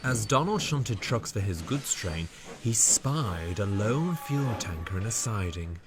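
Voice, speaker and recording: A man narrating a storybook tale in a scripted, measured way. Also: on the low side, animated, music in the background.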